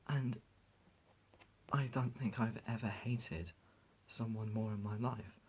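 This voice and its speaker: Man, low pitch, husky voice, vlogger, impassioned indignant rant, halting restarts. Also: darkish tone, rough recording. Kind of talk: emotional talk to camera.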